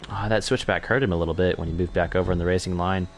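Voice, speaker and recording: A man's voice: low voice, fairly even intonation, very fast, a little hiss or hum. A young man commentating an online racing league in a chatty, self-correcting way that picks up during on-track battles. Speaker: race commentator.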